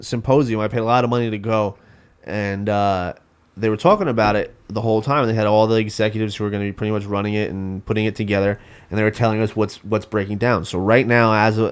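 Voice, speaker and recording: A man's voice: lowish voice, smooth. A man ranting in casual podcast talk, stumbling over his words and restarting often. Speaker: podcast guest. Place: home studio.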